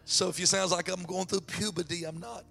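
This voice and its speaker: A man preaching a sermon and telling a story, excitable and repeating words as he builds up, his throat strained. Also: high-pitched, brisk, vocal fry, soft background music. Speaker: pastor.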